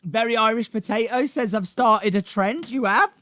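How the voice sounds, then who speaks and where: High, bright, gravelly excitable man. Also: normal speed, dry recording. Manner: animated, shouts and laughs reading chat names. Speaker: live stream host. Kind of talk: excitable live reaction chat.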